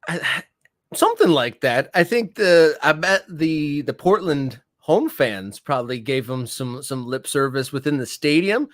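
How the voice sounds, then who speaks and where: A man guest co-hosting a live sports talk show, relaxed and hesitant with many fillers. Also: on the high side, unhurried, no echo, studio quality. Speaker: guest co-host.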